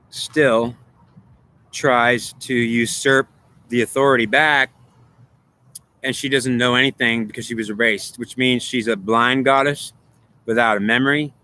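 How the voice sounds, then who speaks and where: Man with a bright, forceful voice, rambling. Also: medium pitch. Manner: repetitive, circling back on his own points; argues with himself in questions and answers. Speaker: spiritual speaker. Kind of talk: rambling spiritual monologue.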